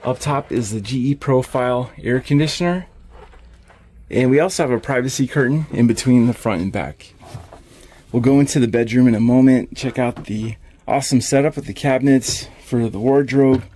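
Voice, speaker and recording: A man's voice: medium pitch, normal speed, mellow. Upbeat man touring a camper van. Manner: upbeat, listing features as he points them out. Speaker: RV salesman giving a walkthrough tour. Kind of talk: casual walkthrough narration.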